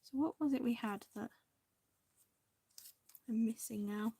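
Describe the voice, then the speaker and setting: A woman hosting a crafting video, chatting casually and indecisively to viewers, now and then dropping into soft half-whispered asides. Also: fairly high pitch, measured pace, creaky, slightly rough, no room sound.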